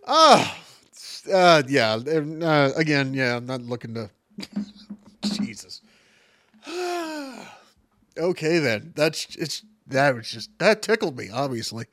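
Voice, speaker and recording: A man's voice: medium pitch, wildly swooping pitch, a little slow, fairly bright tone, no room sound. A man hosting a casual podcast, rambling and swearing, often breaking into giggles. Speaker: podcast host. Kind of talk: casual chat.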